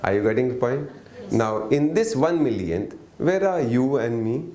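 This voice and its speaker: Crowd noise is audible as a male workshop teacher, medium-pitched and animated, talks at a normal speed. His lesson is interactive: he often asks the audience questions, waits for replies, and coaxes them to answer, all in an echoey room.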